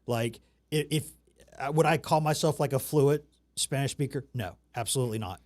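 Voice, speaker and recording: A man's voice: medium pitch, normal speed, a little mellow. A man from the American South hosting a casual chat, talking in a loose, rambling, self-mocking way. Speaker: talk show host.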